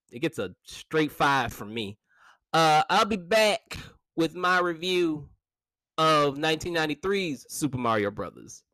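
Lively laughing man reviewing movies. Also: a little high, no echo. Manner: animated, laughs often, many fillers and restarts. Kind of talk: casual spoken review.

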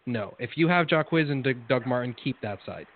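A man's voice: mid-range voice, expressive, fairly quick, heavy background noise. A man co-hosting a casual sports chat, hesitant and skeptical, often repeating himself, over tinny phone-like audio. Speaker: co-host.

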